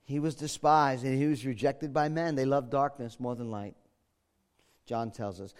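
A man preaching a sermon as pastor, moving between hushed, quiet lines and loud, emphatic ones. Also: medium pitch, steady tone, normal speed, smooth.

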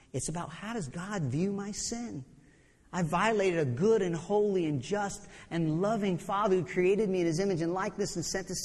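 A man preaching a sermon, animated, often repeating words and acting out quotes. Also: a little high, breathy edge. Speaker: pastor. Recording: long reverb in a church hall.

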